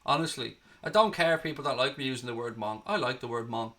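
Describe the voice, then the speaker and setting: Sweary, bright-voiced Irish-born man commentating. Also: medium pitch, fast talker. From Ireland. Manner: excitable, blunt and sweary. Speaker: fan channel host. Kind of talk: live watchalong commentary.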